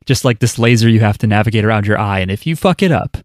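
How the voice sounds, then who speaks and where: A man's voice: on the low side, expressive, fast talker, no echo, studio quality. A man hosting a casual podcast chat and offering wry, joking opinions. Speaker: podcast host.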